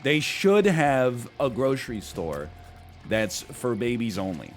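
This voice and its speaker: A man's voice: mid-range voice, measured pace, soft background music. A man giving casual, rambling gameplay commentary, joking and telling stories as he plays. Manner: rambling, joking, animated storyteller. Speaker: gaming commentator.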